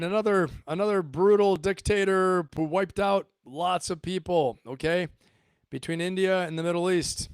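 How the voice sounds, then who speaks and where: Talking casually to his viewers, a middle-aged retired Marine officer hammers his points, repeats himself, and poses rhetorical questions. His voice is high-pitched, clear, and resonant at a moderate pace, with clean studio sound and no room sound.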